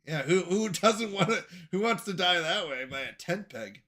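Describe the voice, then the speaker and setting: Bright, jokey young man streaming. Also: high-pitched, lively intonation, normal speed. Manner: jokey, self-deprecating, laughs often. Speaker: livestream host reading chat. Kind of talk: casual chat.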